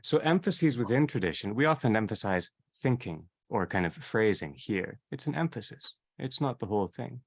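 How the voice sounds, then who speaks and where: A man leading a theology seminar in a reflective, unhurried way, often repeating and rephrasing his phrases as he teaches. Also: medium pitch, animated, creaky. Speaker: seminar leader.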